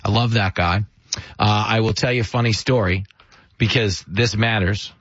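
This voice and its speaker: A man's voice: lowish voice, moderate pace, a bit bright, no echo. A man hosting a talk radio show, telling stories and joking at his own expense. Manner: self-deprecating, joking storyteller. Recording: dry, muffled radio broadcast.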